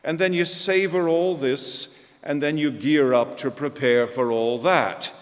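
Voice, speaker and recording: A man's voice: on the high side, steady tone, unhurried. A male pastor preaching a sermon, telling stories with self-deprecating humor. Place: large church. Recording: echoey church hall.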